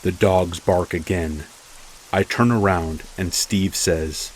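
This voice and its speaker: Brief: low-voiced male horror narrator, steady and measured, faint rain hiss in the background. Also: rough recording. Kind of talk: scripted first-person horror narration.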